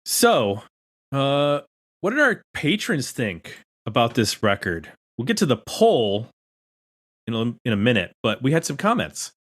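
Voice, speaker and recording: Male podcast co-host, mid-pitched, relaxed conversational read. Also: unhurried. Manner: reads comments aloud at a steady clip. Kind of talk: casual chat, reading listener comments.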